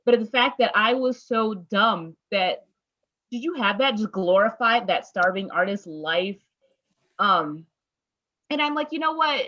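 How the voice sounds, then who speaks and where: A woman's voice: a little high, fairly bright tone, lo-fi sound. A woman hosting a casual interview, chatty and laughing easily with plenty of fillers. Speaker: interview host. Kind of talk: casual chat.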